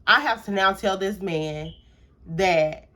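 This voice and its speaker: A woman's voice: mid-range voice, slow. Young woman, casual storytime vlogger, chatty and filler-heavy, acts out the quotes. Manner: casual and animated, with frequent fillers and acted-out quotes. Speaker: YouTuber. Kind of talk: storytime vlog.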